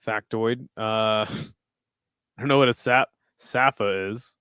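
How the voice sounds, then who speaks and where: A man's voice: lowish voice, steady tone, slow pace, fairly bright tone, smooth, dry recording, studio quality. Sarcastic young man reading chat. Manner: sarcastic, talks back to chat messages. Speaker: livestream host reading chat. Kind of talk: casual watch-along commentary.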